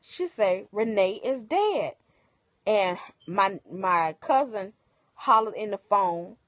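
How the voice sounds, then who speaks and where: A woman telling viewers a personal story in casual, animated speech, acting out the other people's lines. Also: medium pitch, slow pace, no echo. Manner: emotional, animated retelling with quoted dialogue. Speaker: livestream host. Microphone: phone.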